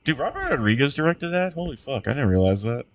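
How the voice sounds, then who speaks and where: A man's voice: medium pitch, very animated, quick pace. A man co-hosting a podcast in casual chat, rambling and profane with lots of fillers. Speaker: podcast co-host.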